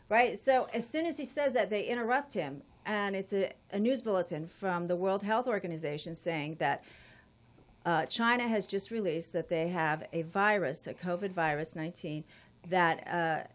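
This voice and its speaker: A woman guest telling a long travel story in a casual, profane, animated way. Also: medium pitch, moderate pace.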